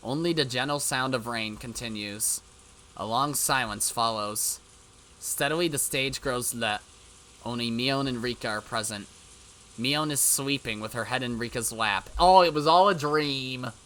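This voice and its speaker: A man's voice: mid-range voice, unhurried, sharp tone, slight background noise. A man reading a visual novel aloud, with brief side remarks of his own. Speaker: let's-play narrator. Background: game music.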